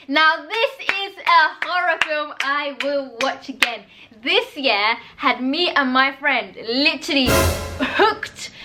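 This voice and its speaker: A young woman chatting casually and bluntly as a vlogger reviewing films, animated and talkative. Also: sits high. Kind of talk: casual chat.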